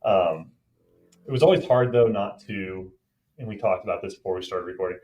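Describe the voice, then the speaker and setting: A man co-hosting a podcast and running its quiz games, chatting casually and rambling in quick bursts. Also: low voice, warm tone, muffled recording. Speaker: podcast co-host and game master.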